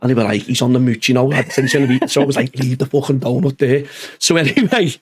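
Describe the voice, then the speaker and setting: Fast-talking sweary man. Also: mid-range voice, slightly rough. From Liverpool, England. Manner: sweary, animated storyteller acting out quotes. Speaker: podcast host. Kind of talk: casual chat.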